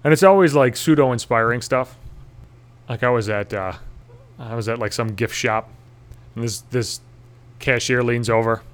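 A man's voice: mid-range voice, moderate pace, pauses often. A man delivering a rambling comedic monologue, swearing freely and poking fun at his own anxiety, with frequent restarts. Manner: profane, self-deprecating, anxious rambling with restarts.

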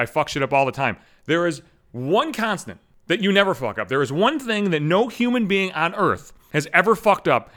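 A man's voice: high voice, fairly bright tone. A man in his thirties hosting a podcast, ranting angrily with constant swearing and mocking asides. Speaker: podcast host. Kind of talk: profane ranting monologue.

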